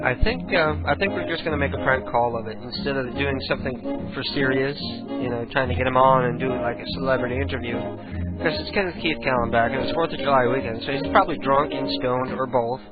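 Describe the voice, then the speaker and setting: A man's voice: medium pitch, fairly quick. A man hosting a radio show, talking in a loose, crude, offhand way. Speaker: host. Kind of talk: casual radio show chat. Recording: phone-like lo-fi sound with loud music. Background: loud music.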